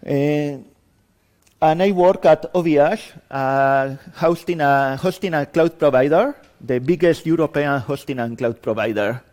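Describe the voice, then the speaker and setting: High-voiced, unhurried man with a Spanish accent. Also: darkish tone. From Spain. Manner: self-deprecating, chatty, laughs between lines. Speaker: conference speaker. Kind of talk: improvised hands-on lab introduction. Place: conference room with audience.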